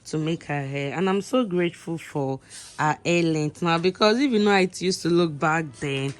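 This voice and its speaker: A woman's voice: low-pitched, moderate pace, soft background music. A woman in her twenties with a Nigerian accent, chatting at home in a rambling, casual vlog style. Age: 20s. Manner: chatty and rambling, full of "like" and "so yeah". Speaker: vlogger.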